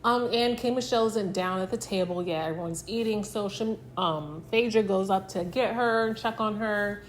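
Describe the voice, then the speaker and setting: Woman doing a chill tv recap, mid-pitch voice, lots of um and like, faint hum behind her. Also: normal speed. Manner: chatty, filler-heavy retelling that acts out quotes. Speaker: reality TV recap host. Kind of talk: casual recap chat.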